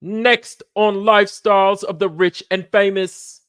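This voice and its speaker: A man impersonating a gushing older male celebrity TV host, announcing in a grand, drawn-out showman style. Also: high voice, steady tone, a bit bright, clear, resonant tone, pitched above the performer's own voice. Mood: grandiose.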